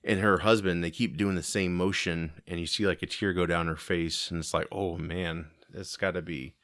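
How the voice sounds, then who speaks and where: A man co-hosting a podcast, chatting casually and agreeably, acting out quotes with sudden jumps in pitch. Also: steady tone, fairly quick, fairly bright tone, dry recording, clean studio sound. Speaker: podcast co-host. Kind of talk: casual chat.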